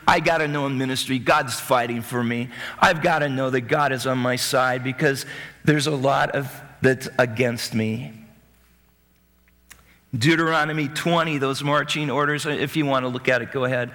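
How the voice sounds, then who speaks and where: A man preaching a sermon as a pastor, animated, swinging between loud bursts and hushed asides. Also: mid-range voice, moderate pace, big-room sound.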